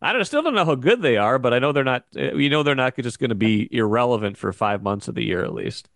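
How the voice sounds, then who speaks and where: Brief: male sports podcast host, medium pitch, dry close sound, easygoing prompting questions. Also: expressive, fast talker, vocal fry, a bit bright, no echo. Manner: laughs easily and asks prompting questions. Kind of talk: casual podcast interview.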